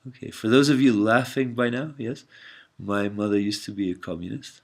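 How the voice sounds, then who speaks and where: A man's voice: fairly low pitch, steady tone, normal speed. A man telling a personal story in a casual, meandering monologue, hesitant and full of fillers, often calling the listener mate or man.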